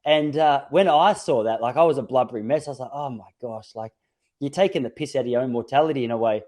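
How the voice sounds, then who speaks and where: Podcast host: man, mellow tone, reflective storyteller, casual chat. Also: mid-range voice, quick pace. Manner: reflective, storytelling with many restarts. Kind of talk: casual conversation.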